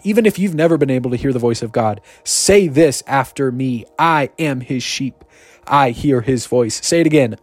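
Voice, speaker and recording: A man giving an energetic, joking podcast sermon, rushing through asides and then slowing down to repeat key lines. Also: medium pitch, no echo. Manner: energetic, joking, swings between rapid asides and slow emphatic repetition. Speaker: podcast preacher. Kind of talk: casual sermon.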